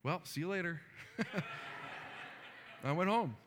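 A man's voice: high-pitched, animated, slow pace, long reverb tail, noisy background. A man, a pastor, preaching a sermon and telling a story earnestly, with many fillers.

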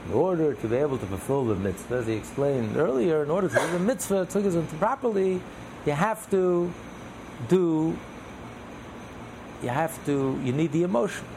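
A man leads a text study class in a gravelly voice, stacking phrase on phrase as he explains. His speech builds through repetition. A steady hum of air conditioning and room noise sits behind him. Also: on the high side, normal speed. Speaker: Torah teacher.

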